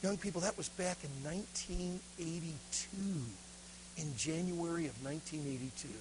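A man preaching a sermon to a youth conference, telling a story dramatically and swinging between loud praise and hushed intensity. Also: a little high, normal speed, background noise.

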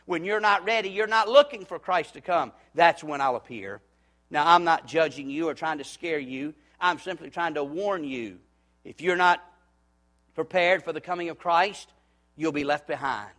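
A male preacher delivers an urgent sermon in a slightly high voice. He rises to shouting warnings, then sinks to a low, hushed plea. His delivery is earnest and insistent throughout. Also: normal speed. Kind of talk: evangelistic sermon.

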